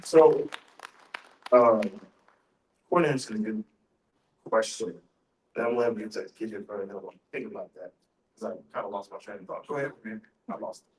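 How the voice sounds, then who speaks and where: A middle-aged man, a voice actor, answering fan questions in a relaxed, anecdotal way at a convention panel. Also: on the low side, a little hiss or hum. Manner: relaxed, anecdotal, pauses to gather his thoughts. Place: large convention panel room. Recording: echoey hall, voice heard from far off.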